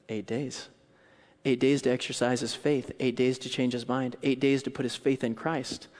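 A male pastor preaching a sermon, telling a story with dramatic shifts between loud outbursts and hushed, quiet lines. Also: medium pitch. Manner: animated storytelling, acts out scenes with loud outbursts and hushed quotes. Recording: long hall reverb.

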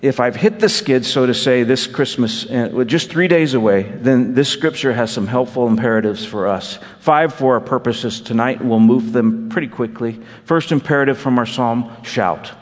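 Storytelling pastor in a reverberant church. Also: male voice, mid-range voice, normal speed, few pauses. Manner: storytelling, self-deprecating humor, asides to congregation. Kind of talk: sermon with personal story.

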